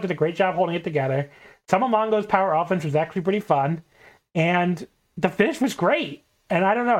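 A podcast host casually recapping a match, telling it in an animated way and laughing often. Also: mid-range voice. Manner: animated retelling with frequent laughter.

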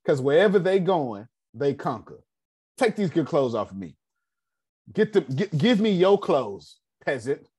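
A man's voice: fairly high pitch, big pitch swings, a little slow, darkish tone, breathy edge, full character voice. A man playing a frantic scheming queen. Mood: alarmed, scheming. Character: scheming frightened queen clinging to her crown.

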